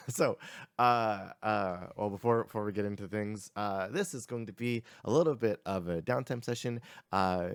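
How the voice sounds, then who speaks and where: A man narrating a tabletop game as game master, halting, with many fillers and restarts. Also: on the low side, clean tone, no echo, clean studio sound.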